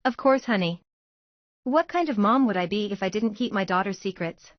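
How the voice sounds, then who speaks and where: A woman voicing a gently teasing, knowing mother of a teenage daughter, in a fan-fiction story reading. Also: medium pitch, animated, normal speed, no echo, lo-fi sound, natural voice.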